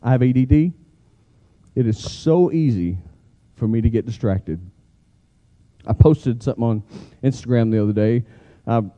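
A man preaching a sermon, animated and emphatic, getting the congregation to repeat key phrases. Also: mid-range voice, dull audio. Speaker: pastor.

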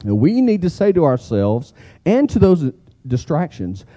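Male pastor, emphatic sermon, somewhat high voice, muffled recording. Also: measured pace. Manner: animated, emphatic, leads the crowd in repeating phrases.

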